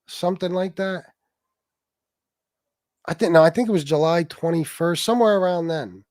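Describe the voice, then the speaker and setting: Male streamer, angry profane rant, slightly high voice, dry recording. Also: normal speed, darkish tone, dry recording. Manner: profane, aggressive, talks to chat. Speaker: livestream host. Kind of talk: heated livestream rant.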